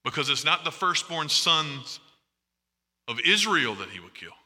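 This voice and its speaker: A man preaching a sermon, animated and often asking the congregation questions. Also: on the high side, a little slow, long reverb tail.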